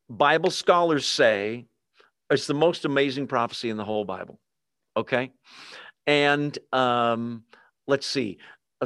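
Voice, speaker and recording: A man preaching in an easy, talkative way, his voice sitting somewhat high for a man. He keeps checking in with the congregation through questions. The sound is close and dry, with little room echo. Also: a bit bright. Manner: conversational, asks the congregation questions. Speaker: pastor. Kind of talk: sermon. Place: church with a live and online congregation.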